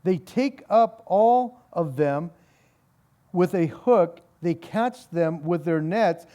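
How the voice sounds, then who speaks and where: Guy pastor doing a bible study, pretty high voice, takes his time, reads the verses then gets kinda sarcastic about it, lots of "and, and". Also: expressive, slow pace, warm tone. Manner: reads scripture aloud, then talks it through with wry sarcasm; frequent repeated words and chuckles. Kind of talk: conversational Bible study sermon.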